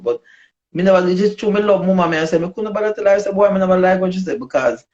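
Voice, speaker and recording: A woman with a Jamaican accent, a dancehall artist telling her story in a casual interview, animated and slipping into patois. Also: fairly low pitch, very fast. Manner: animated, switches into patois, acts out quoted voices. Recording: dull lo-fi recording.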